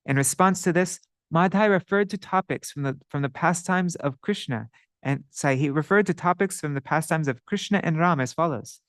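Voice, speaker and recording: A man reading scripture aloud, translating verses and adding commentary with steady, careful delivery. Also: fairly high pitch, normal speed, no echo, clean studio sound. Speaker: scripture reader and teacher. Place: indoors, livestreamed.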